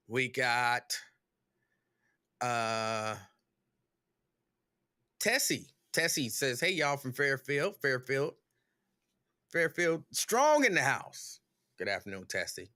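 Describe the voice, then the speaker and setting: A man hosting a livestream talk show, greeting viewers one by one in a relaxed, chatty way. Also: mid-range voice, no echo, studio quality.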